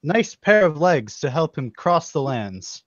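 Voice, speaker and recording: A man's voice: fairly high pitch, sing-song, unhurried, no echo, pitched above the performer's own voice. Man putting on a merman king, bellowing laugh, grand formal speech, muffled dry sound. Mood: boisterous. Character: booming laughing merman king, proud father.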